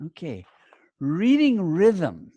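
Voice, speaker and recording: Man, middle-aged, teacher, video call, slow deliberate instructions, lively pitch. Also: no room sound, lo-fi sound. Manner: clear, deliberate instruction-giving with emphatic stress. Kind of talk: online class instructions.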